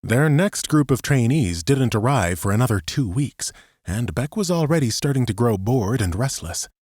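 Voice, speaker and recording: A man reading a science fiction audiobook as narrator, in a steady storytelling manner. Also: mid-range voice, moderate pace, dry recording, studio quality.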